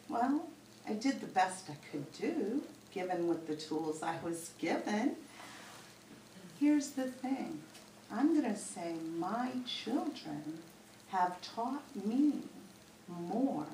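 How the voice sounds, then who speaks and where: A woman's voice: mid-range voice, big pitch swings, slow, warm tone, a little hiss or hum. A middle-aged woman giving a heartfelt, reflective Mother's Day talk at a church service, with storytelling asides. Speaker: spiritualist medium giving a talk. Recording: roomy recording from far off, faint ambience.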